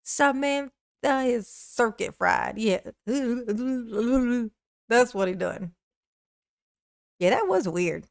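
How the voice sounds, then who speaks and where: Lady streamer roasting clips n reading chat, talks slow, laughs a lot. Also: on the high side, animated, creaky, dry recording, studio quality. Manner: mocking, laughs often, repeats words; reads and answers viewer chat. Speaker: streamer reacting to court clips. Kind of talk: livestream commentary.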